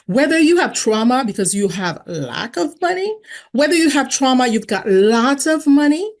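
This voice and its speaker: A woman in her fifties, a guest telling her own recovery story, speaking frankly and casually, with lively jumps in pitch when she acts out what people said. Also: normal speed. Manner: animated, jumps in pitch when acting out quotes; frank and conversational, with many fillers. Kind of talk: candid personal storytelling.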